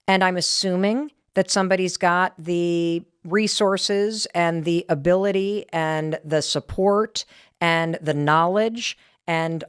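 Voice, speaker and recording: A middle-aged woman podcast host telling a story in a casual, animated, self-deprecating way. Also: fairly low pitch, clean tone, dry recording, clean studio sound. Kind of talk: casual talk to listeners.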